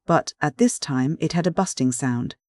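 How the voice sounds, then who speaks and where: A man's voice: fairly high pitch, normal speed, darkish tone, no echo, clean studio sound, lightly acted. A man putting on a pompous old butler. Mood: boastful. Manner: self-important, theatrical retelling. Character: pompous older male butler, boastful storyteller.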